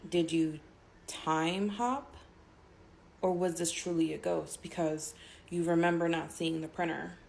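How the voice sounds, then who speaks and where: A woman's voice: on the low side, fairly even intonation, unhurried, gravelly, a little mellow, a little hiss or hum. A woman narrating a spooky story in the second person, in a casual, conversational way with filler words.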